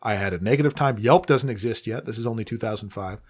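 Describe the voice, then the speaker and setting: Dry, deadpan man joking about a film. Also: on the low side, fast talker. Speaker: podcast co-host. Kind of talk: casual film critique chat.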